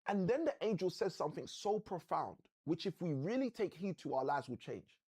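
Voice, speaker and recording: A man hosting a live motivational session, telling a story like a preacher with slow, dramatic emphasis. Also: high-pitched, sing-song, darkish tone, breathy edge.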